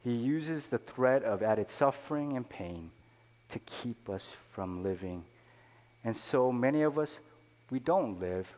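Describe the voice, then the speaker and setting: Male pastor, conversational sermon, mid-pitched voice, long reverb of a hall. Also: lively intonation, measured pace, a little mellow. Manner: conversational preaching with frequent "you know" asides.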